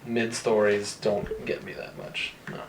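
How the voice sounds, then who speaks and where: A man's voice: on the low side, flat delivery, unhurried, creaky, noisy background. Rambling man, roomy distant sound. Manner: rambling, hesitant, with many fillers. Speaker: podcast co-host. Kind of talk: casual chat. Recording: echoey room, away from the mic.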